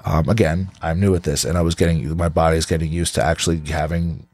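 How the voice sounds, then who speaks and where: A deep-voiced man from California talks as a podcast guest, recorded close and dry. He tells his story loosely. He keeps saying "like", restarts his sentences and swears freely. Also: little pitch movement, fast talker, darkish tone, breathy edge, no room sound. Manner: rambling, peppered with "like", frequent restarts and swearing. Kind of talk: casual storytelling.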